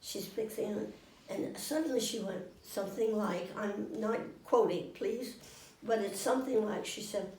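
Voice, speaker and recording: An older woman getting over a cold, telling anecdotes to a small audience in a lively, animated way and acting out the voices. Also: medium pitch, moderate pace, a little hiss or hum. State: finishing a cold. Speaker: guest storyteller. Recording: roomy room, mic far off.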